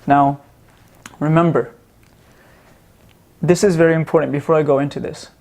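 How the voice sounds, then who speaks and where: A man's voice: on the high side, creaky. Casual man teaching, checking in often. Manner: relaxed, repeats sounds slowly with many "right?" check-ins. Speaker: Sanskrit teacher. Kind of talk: casual explanatory lesson.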